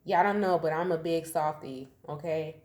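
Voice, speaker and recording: A woman's voice: low-pitched, normal speed, darkish tone. A woman in her thirties giving a casual tarot reading, chatty and slangy, laughing often. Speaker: tarot reader. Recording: echoey room, faint ambience.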